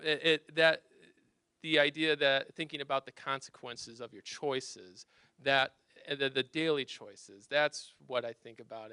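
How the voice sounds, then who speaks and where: A man's voice: fairly high pitch, bright, forceful tone, clean tone, no room sound. A man telling a personal story to a live audience in a chatty, self-deprecating way, often restarting his sentences. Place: campus lounge storytelling event.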